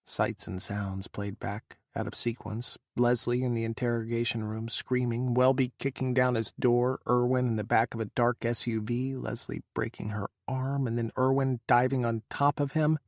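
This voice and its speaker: A man narrating an audiobook, with slow, dramatic emphasis on emotional passages. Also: medium pitch, flat delivery, no room sound, clean studio sound.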